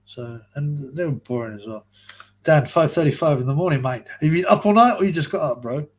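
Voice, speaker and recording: A man's voice: fairly high pitch, expressive, quick pace. A young man hosting a live stream, reading out chat messages in a rambling, chatty way and laughing often. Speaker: livestream host reading chat.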